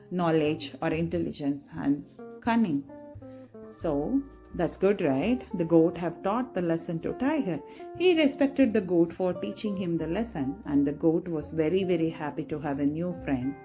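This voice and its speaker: A woman's voice: lowish voice, warm tone. Chatty woman telling kids' stories. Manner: chatty, asks listeners "right?". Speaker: storyteller. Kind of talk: children's moral story narration.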